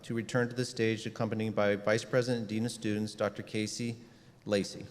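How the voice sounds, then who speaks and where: A man hosts the ceremony, thanking the speaker politely and pausing now and then on fillers. His voice sits somewhat low. A long reverb carries it around the hall. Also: level tone. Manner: polite, a little halting, with fillers. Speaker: college president presiding over the ceremony. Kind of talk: ceremony hosting.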